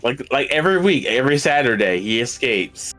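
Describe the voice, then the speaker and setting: A man's voice: mid-range voice, sing-song, a little fast, a bit bright, soft background music. A man chatting casually on a game stream, talking in loose, chatty runs with restarts. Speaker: stream co-host. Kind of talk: casual chat.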